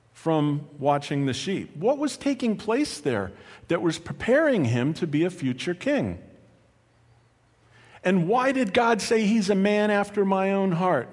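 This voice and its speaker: A man preaching a sermon as pastor, animated and conversational, with asides and light laughter. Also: sits high. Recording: long hall reverb.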